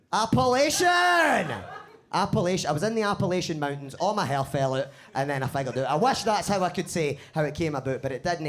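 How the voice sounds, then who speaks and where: A man with a Glaswegian accent performing a live stand-up set in a basement comedy club. He swears freely and talks in an animated way. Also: fairly high pitch. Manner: swearing, animated, laughs at own jokes.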